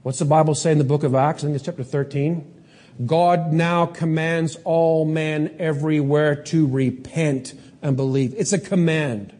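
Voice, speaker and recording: Emphatic preacher man, fairly high voice. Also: fairly even intonation, mellow. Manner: emphatic preacher, rhetorical questions, slows down for stress. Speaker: pastor. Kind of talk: sermon.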